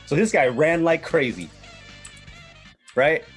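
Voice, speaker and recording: A man's voice: a little high, animated, measured pace, long pauses, faint music behind. A man in his thirties hosting a podcast, recapping a manga in a rambling, profane way. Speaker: podcast host presenting a manga. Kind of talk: casual chat.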